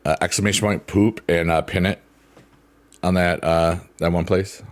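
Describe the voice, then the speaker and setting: A man's voice: low voice, steady tone, normal speed. A man streaming live, chatting casually and playfully with his viewers, rambling and laughing often. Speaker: livestreamer. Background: soft piano.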